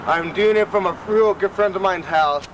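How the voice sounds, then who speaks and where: Brief: out-of-breath male public-access TV host, rambling and profane, pitched a bit high, loud traffic noise around him. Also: moderate pace. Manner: rambling, profane, loose, repeats himself. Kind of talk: rambling talk to camera. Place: outdoors at a friend's house.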